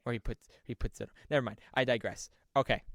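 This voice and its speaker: Male podcast co-host who improvises a story, excitable and rambling, mid-pitched voice, dry sound. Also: fast, no echo. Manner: excitable, rambling with filler words.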